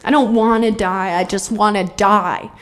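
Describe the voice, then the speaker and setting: A woman's voice: mid-range voice, fairly even intonation, normal speed. A woman telling her own recovery story in a blunt, darkly funny way, swearing freely. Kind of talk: candid personal testimony.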